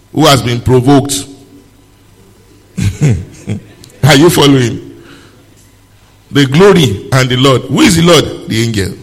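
A man's voice: mid-range voice, slightly rough, big-room sound. A male pastor preaching a sermon, reading scripture aloud and firing rhetorical questions at his congregation.

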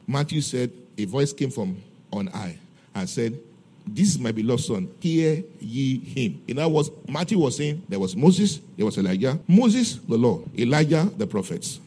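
A man preaching a sermon, posing questions for the congregation to finish and swinging between quiet and emphatic delivery. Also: mid-range voice, husky. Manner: call-and-response questions to the congregation. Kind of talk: sermon teaching on tongues and prophecy.

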